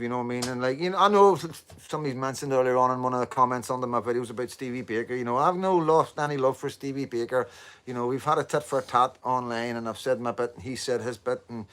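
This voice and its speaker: A man's voice: medium pitch, fairly bright tone, smooth. A man with a Northern Irish accent talking to viewers on a casual live stream, rambling with lots of repeated fillers and the odd swear word. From Northern Ireland.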